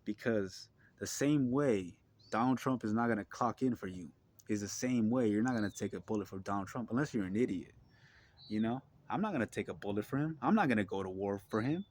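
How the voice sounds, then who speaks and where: A man with a fairly low voice delivers an impassioned monologue to his viewers. He is blunt and profane and repeats his points in a preachy way. He keeps checking in with the listener before pushing on. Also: animated, a little fast, a little mellow. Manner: asks listeners for agreement. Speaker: vlogger.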